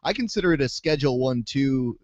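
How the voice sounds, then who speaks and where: A man's voice: medium pitch, animated, brisk, dry recording, lo-fi sound. A man co-hosting a podcast, adding wry, joking commentary. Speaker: podcast co-host. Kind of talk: casual chat.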